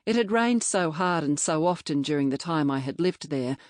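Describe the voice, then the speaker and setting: Woman audiobook narrator, low voice, measured and reflective, dry close-miked studio sound. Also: animated, no room sound. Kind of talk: scripted first-person novel narration. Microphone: close studio mic.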